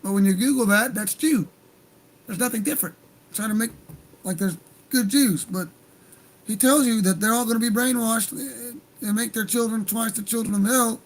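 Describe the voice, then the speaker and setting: Man, high-pitched voice, livestream rant, heated, profane, rambling. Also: moderate pace, low-quality recording. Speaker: livestream host.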